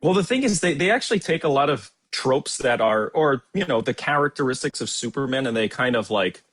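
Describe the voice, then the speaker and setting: A man's voice: mid-range voice, animated, brisk, fairly bright tone. A young man co-hosting a movie review show, mocking and sarcastic, swearing often in casual chat. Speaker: co-host.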